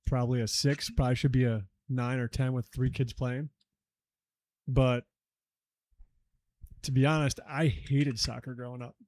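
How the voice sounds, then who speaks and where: A man in his forties and a father of three, talking candidly and low-key in a casual podcast chat. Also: flat delivery, moderate pace, pauses often, a little mellow, a little hiss or hum. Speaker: podcast guest.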